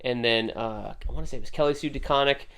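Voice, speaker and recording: A man's voice: mid-range voice, fast, a bit bright, smooth. A man hosting a casual comic book review video, rambling and correcting himself as he talks. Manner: rambling, self-correcting, conversational. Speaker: host.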